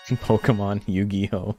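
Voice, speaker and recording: A man's voice: fairly low pitch, dark tone. A man streaming a game tournament, chatting casually and rambling in a laid-back way, swearing now and then.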